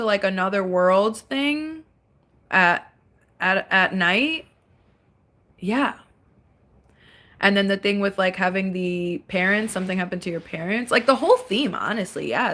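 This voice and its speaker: A young adult woman hosting a casual livestream from a dark room. She chats in an animated way into her phone, laughing often and breaking into little bits of song. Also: medium pitch. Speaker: livestream host. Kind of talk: casual livestream chat, reading comments.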